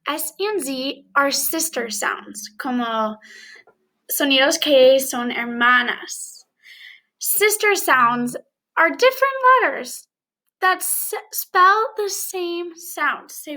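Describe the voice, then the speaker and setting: Bright high-voiced reading teacher. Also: female voice, expressive. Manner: slow, clear, encouraging classroom delivery with bits of Spanish. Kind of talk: early reading lesson for young children.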